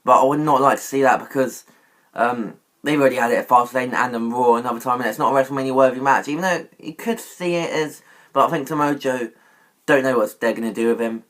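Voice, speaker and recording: A man's voice: medium pitch, fast, fairly bright tone. A man giving wrestling predictions in a casual vlog, rambling and often correcting himself with many fillers. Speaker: YouTube wrestling commentator.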